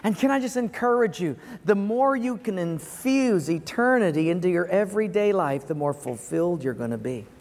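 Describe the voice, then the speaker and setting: High-voiced pastor preaching in a hall. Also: male voice, animated, moderate pace, hardly any pauses, darkish tone. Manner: earnest, storytelling, chuckles at his own punchline. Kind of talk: sermon with storytelling. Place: large auditorium.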